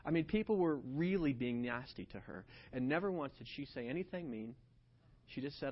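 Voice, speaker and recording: A man preaching a sermon, telling a personal story in an animated way that swings between hushed and loud. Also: mid-range voice, normal speed. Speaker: pastor. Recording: dull lo-fi sound.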